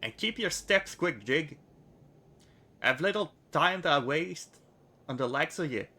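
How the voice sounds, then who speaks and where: A man's voice: on the high side, animated, slow pace, pushed and bright, voice pushed up, full character voice. A man doing a sneering young rogue woman. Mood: scornful. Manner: sneering, clipped, put-on dialect.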